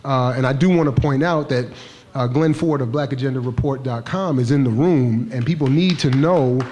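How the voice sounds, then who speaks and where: A male academic on a discussion panel. He talks briskly and earnestly, laying out his argument point by point in a mid-range voice. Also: medium pitch, darkish tone.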